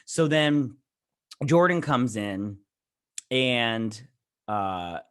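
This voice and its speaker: A man's voice: mid-range voice, expressive, drawn-out words, a bit bright, clear, resonant tone. Guy doing a rambly tv episode recap, mid voice, blunt offhand comments. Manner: rambling retelling, acts out characters' lines; blunt, occasionally crude asides. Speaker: TV review host. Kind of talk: casual episode recap and review.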